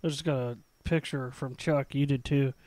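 A man's voice: mid-range voice, steady tone, moderate pace, a little mellow, no echo. A man in casual podcast chat, joking crudely and swearing freely. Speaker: podcast co-host.

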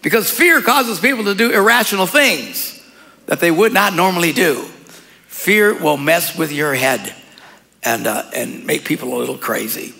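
Gravelly, bright-voiced pastor in a hall. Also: male voice, a little high, normal speed. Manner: casual, joking, laughs often. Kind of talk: sermon. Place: church hall. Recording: long hall reverb.

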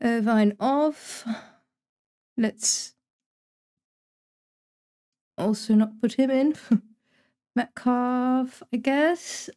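A young woman talks through a live game stream at a slow, easy pace. Her voice sits somewhat high. She chats casually, thinks aloud and swears without a second thought. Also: mellow. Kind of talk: casual live-stream commentary while gaming.

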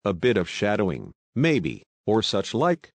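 A daring young woman sleuth, as a man puts her on leans in with sly, breezy talk and mock-American slang. The voice sits fairly low. It sounds dry and close. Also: huge pitch swings, unhurried, dry recording, heavily acted. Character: bold playful young woman sleuth, posing as an American detective.

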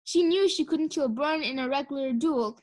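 A sarcastic young female dragon with a sharp tongue, as a woman reads her. She snaps her lines in a storybook telling. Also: high-pitched, moderate pace, natural voice. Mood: scheming. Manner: snappy, sarcastic.

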